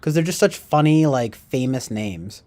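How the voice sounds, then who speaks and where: With lively intonation and a mellow, mid-range voice, this man speaks at a moderate pace while hosting a relaxed livestream. He wanders between jokes and reads out chat comments using silly put-on voices.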